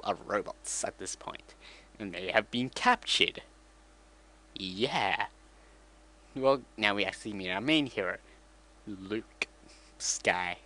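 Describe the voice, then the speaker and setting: A man's voice: fairly low pitch, fairly bright tone. A man casually retelling a movie from memory, rambling, joking and correcting himself as he goes. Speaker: vlogger.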